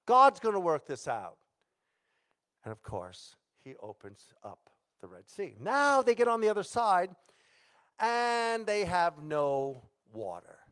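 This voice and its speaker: A male pastor with a high voice delivers a sermon. He tells the story dramatically and acts out each character's lines, sometimes loud and sometimes dropping almost to a hush. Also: huge pitch swings, takes it slowly.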